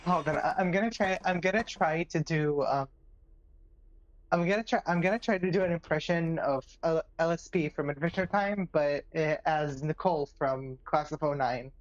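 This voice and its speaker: A woman's voice: sits low, moderate pace, muffled recording. A woman chatting casually on a game stream, rambling with lots of restarts and giggles. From another country. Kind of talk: casual chat.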